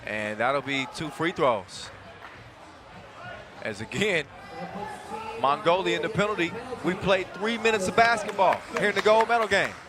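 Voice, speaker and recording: A man calling a basketball game live, with a slightly high voice and a loud crowd roaring behind him. He talks fast and cracks jokes between plays, and his voice jumps up on the big moments. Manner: quick, jokey, excitable calls. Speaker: play-by-play commentator.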